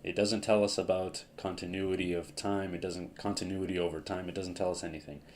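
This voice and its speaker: A man teaching a grammar lesson, explaining step by step in a slow, methodical way and correcting himself as he writes. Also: deep voice, flat delivery, a little hiss or hum. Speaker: language teacher.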